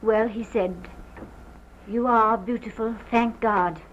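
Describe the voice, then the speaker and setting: An actress playing a distraught woman who haltingly recounts a violent night, in early sound-film acting on a muffled old film recording. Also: fairly high pitch, fairly even intonation, slight background noise. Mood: strained. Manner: halting, hesitant, breaks off.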